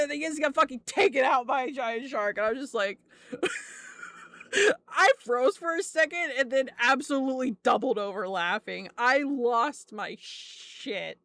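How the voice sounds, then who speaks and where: A woman's voice: high voice, expressive, a little slow, sharp tone, no room sound. Laid-back, giggly young woman streamer. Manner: laughs often, swears freely, rambling storytelling. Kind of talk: casual chat stream.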